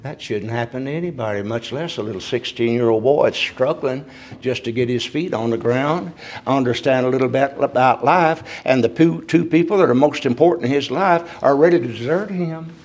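A man preaching a sermon, swinging from emphatic raised points to soft, quiet storytelling. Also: mid-range voice, fairly quick.

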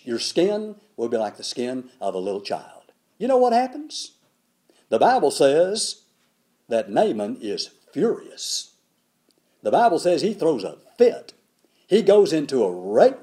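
A man's voice: fairly high pitch, measured pace, long pauses. An older man preaching a sermon, telling a Bible story and acting out the characters in it. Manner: animated, acts out the characters in the story.

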